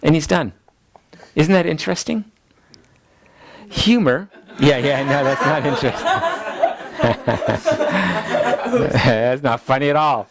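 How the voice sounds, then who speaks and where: A middle-aged man, a pastor, teaching a class in a relaxed, chatty way and laughing at his own family stories. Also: medium pitch. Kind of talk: teaching lecture with family anecdotes.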